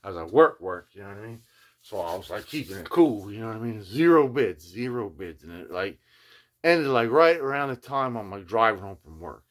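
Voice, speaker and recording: A man's voice: on the low side, expressive, a little fast, a bit bright. An older man who hosts a guitar restoration video journal, telling a long casual story and adding "you know what I mean" again and again. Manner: slips into playful voices when quoting people.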